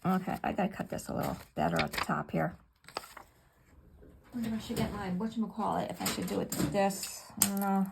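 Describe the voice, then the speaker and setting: A woman's voice: medium pitch, fairly quick, gravelly, background noise. A middle-aged woman chatting casually and muttering to herself as she works on a paper craft at home. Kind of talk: casual talk while crafting.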